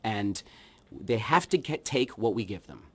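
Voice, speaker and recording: A man who is a children's musician, chatting as a guest in a radio studio interview, wry and rambling, with his voice often trailing off into quieter asides. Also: lowish voice, animated, a little slow, breathy edge. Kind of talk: casual radio interview chat.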